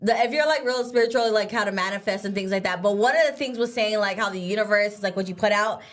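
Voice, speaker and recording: A young woman co-hosting a casual live show, chatty and animated, full of "like" and quick laughs. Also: mid-range voice. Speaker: co-host.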